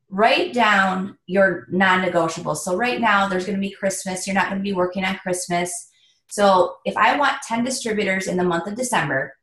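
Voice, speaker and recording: Woman, sales team leader, motivational training talk, video call, middle pitch, echoey room. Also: fairly bright tone. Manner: upbeat, motivational, addresses listeners as you guys.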